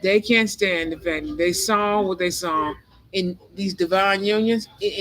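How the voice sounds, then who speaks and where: A man's voice: high voice, a little slow, a bit bright, rough recording. A man giving a spiritual tarot reading monologue, rambling and emphatic, repeating phrases again and again. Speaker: tarot reader.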